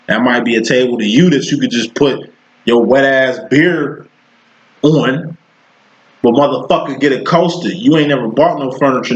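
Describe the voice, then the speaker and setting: A man's voice: medium pitch, normal speed, lo-fi sound. A man giving a casual tarot reading, talking in a profane, slangy, rambling way. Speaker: tarot reader.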